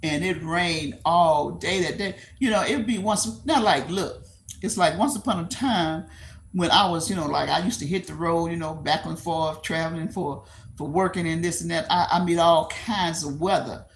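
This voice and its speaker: Older texan lady rambling on a late night livestream, lowish gravelly voice, bit of hiss behind. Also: moderate pace. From Texas. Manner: rambling, repeats herself, laughs easily; reads and answers viewer comments aloud. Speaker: livestream host. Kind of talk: casual chat with live viewers.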